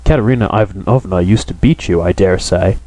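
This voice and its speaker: A man's voice: deep voice, brisk, mellow, no room sound, natural voice, poor audio. A man reading a bitter, brooding young man. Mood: probing. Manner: questioning, bitter. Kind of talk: audiobook character reading.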